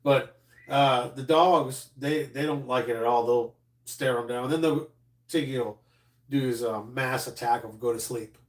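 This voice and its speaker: A man's voice: mid-range voice, measured pace, distant mic. A man chatting loosely on a live stream, his jokes tumbling out in a rambling way. He sits back from the microphone. The room gives his voice a noticeable echo. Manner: rambling, joking banter. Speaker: comedian. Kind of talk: casual live-stream chat. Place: home studio room. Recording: echoey room, voice off-mic.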